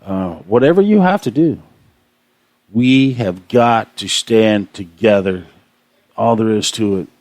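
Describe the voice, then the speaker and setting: A man's voice: fairly low pitch, lively intonation, slow, a little mellow, no echo. A man hosting a radio show, delivering an aggravated, impassioned monologue full of repetition. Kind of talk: ranting monologue.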